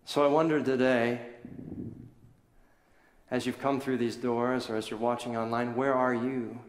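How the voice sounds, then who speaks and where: A male pastor preaches in a large church, his voice carrying through a roomy space with a long reverb tail. He tells a story earnestly and tenderly, in a mid-pitched voice. The sound comes from some distance, as if caught by a room mic in the sanctuary. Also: little pitch movement, a little slow. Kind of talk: sermon. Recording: echoey hall from far off.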